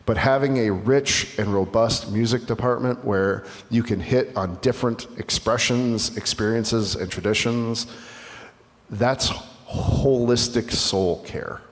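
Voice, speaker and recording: Earnest pastor in a reverberant church. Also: male voice, fairly low pitch, measured pace. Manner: reflective, earnest, with restarts. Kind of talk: conversational dialogue sermon. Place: church sanctuary.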